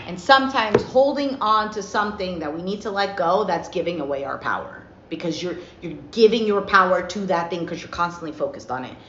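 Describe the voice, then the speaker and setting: Woman tarot reader, casual and talkative, faint hiss behind, roomy sound. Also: lowish voice. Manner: chatty, animated, acts out little dialogues. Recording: roomy, slightly dull with faint noise.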